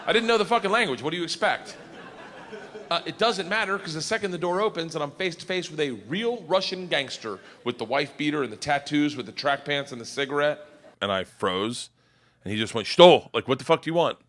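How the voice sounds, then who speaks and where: A man's voice: a little high, lively intonation, fairly quick, bright, forceful tone. A middle-aged man telling a rowdy, profane stand-up story, often laughing through his lines. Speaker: stand-up comedian.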